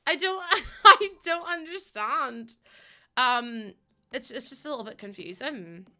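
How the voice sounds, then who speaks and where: A young woman streaming a game, chatting quickly with her viewers while feeling a bit run down. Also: high-pitched, lively intonation, sharp tone. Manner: fast-talking, chatty. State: under the weather, a bit run down. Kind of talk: casual live-stream chat while playing a game.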